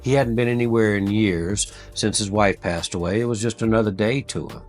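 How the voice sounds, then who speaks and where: A male host narrating a heartfelt story in a slow, earnest, folksy way. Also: on the low side, soft background music.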